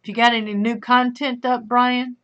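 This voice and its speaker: A woman's voice: fairly high pitch, little pitch movement, moderate pace, a bit bright. A middle-aged woman hosting a livestream, chatting with viewers and reading their comments, calling them sweetheart and honey. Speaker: livestream host. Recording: dull lo-fi stream audio.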